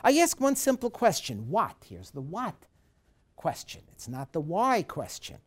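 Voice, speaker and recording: A woman with a lowish voice lectures on a course, swinging her pitch widely as she goes. She hammers key points again and again and acts out a troubled person's questions in the first person, as if speaking as them. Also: wildly swooping pitch, a little slow, slightly rough. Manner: emphatic, repeats key points.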